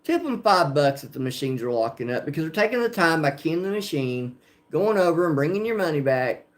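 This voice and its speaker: A man's voice: on the high side, sing-song, brisk. Rambling country-accented Oklahoma man. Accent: rural Oklahoma country. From Oklahoma, USA. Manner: rambling, filler-heavy, talking to chat viewers. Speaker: slot machine livestreamer. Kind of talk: casual livestream chat.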